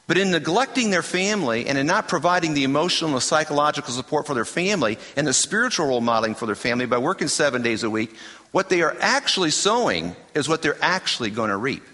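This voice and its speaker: A man's voice: a little high, pushed and bright. A man preaching a sermon as pastor, emphatic and conversational, with self-deprecating asides. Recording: hall reverb.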